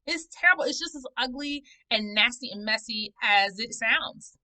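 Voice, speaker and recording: Bright, high-voiced woman vlogger. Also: normal speed, few pauses, poor audio. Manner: animated, conversational, preachy storytelling with playful asides. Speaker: vlogger reviewing a book. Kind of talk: casual personal vlog talk.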